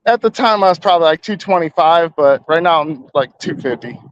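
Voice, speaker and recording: A man's voice: fairly high pitch, lively intonation, fairly quick. Laid-back man in his thirties, rambling. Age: 30s. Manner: rambling, laid-back, slangy, lots of "like" and "you know". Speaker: vlogger telling a story. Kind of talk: casual storytelling. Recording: slightly dull lo-fi audio.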